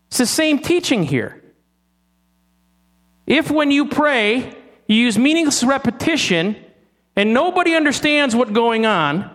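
A man preaching a sermon, teasing his listeners with rhetorical questions and slowing down to stress key words. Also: very high voice, a bit bright.

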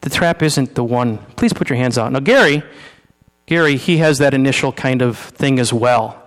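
This male pastor speaks at a moderate pace in an expressive, medium-pitched voice. He preaches a casual sermon from a church sanctuary, chatting with the congregation during a live demonstration and frequently restarting or repeating words. The audio carries the lengthy echo of a big hall.

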